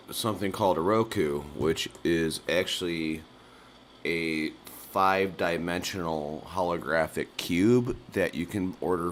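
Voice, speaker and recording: A man's voice: low voice, fairly bright tone, a little hiss or hum. A man hosting a nightly call-in livestream, rambling through absurd jokes and laughing at his own bits. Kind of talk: rambling absurdist live-stream chat.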